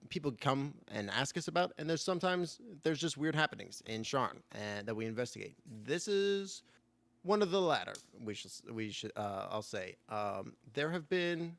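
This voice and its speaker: A man's voice: mid-range voice, a bit bright, dry recording. Rambling male game master, dry sound. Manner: rambling, full of fillers, laughing often. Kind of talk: narrating a tabletop game.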